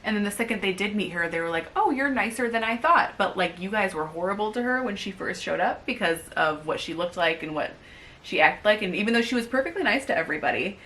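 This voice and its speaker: A young woman co-hosting a casual book review chat, rambling with lots of fillers and getting animated as she rants. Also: fairly low pitch, fast. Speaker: co-host.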